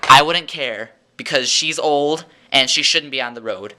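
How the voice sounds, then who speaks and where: A man's voice: medium pitch, moderate pace, background noise. A teenage boy ranting in a sarcastic, exasperated vlog monologue at home. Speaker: vlogger.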